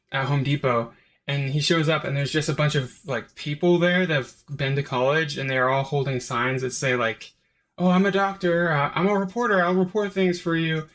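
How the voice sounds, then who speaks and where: A man's voice: mid-range voice, a bit bright. A man hosting his own review channel, talking in a rambling, unscripted way with lots of "like" and "um" fillers. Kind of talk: casual unscripted review monologue.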